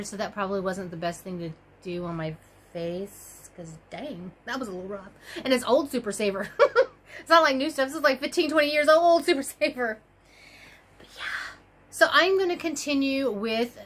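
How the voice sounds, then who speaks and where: A rambling woman crochet vlogger talks casually from home, gushing and exclaiming as she jumps between thoughts. Her voice sits a little high for a woman. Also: a bit bright. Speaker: crochet YouTuber. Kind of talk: casual chatty vlog.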